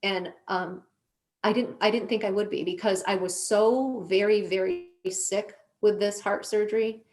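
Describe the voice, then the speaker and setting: A woman on a podcast as a guest, telling her own story in an earnest, slow, deliberate way. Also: medium pitch, fairly even intonation, darkish tone. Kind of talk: emotional personal storytelling.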